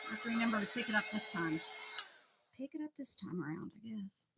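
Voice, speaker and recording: A woman's voice: medium pitch, lively intonation, quick pace, noisy background. A woman with a northern US accent hosting a craft livestream, chatting casually while she paints, muttering and whispering asides to herself and answering viewer chat.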